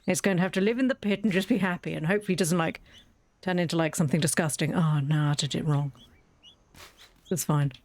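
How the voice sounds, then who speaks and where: A woman's voice: fairly low pitch, quick pace, darkish tone. A woman chatting through a game, wry and self-mocking, talking fondly to her in-game animals. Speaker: gaming video creator. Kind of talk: casual let's-play commentary.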